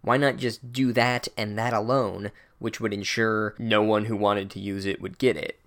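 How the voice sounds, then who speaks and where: A man's voice: fairly low pitch, little pitch movement, moderate pace, fairly bright tone. A man voicing a blunt, exasperated boy wizard in a comedic recap, close to his own voice.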